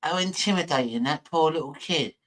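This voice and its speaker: A man talks over a video he is watching in a loose, mocking, rambling way. His voice is bright and forward, and he trips over his words as he jokes. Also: fairly high pitch, fairly quick. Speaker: host reacting to a video. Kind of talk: casual reaction commentary.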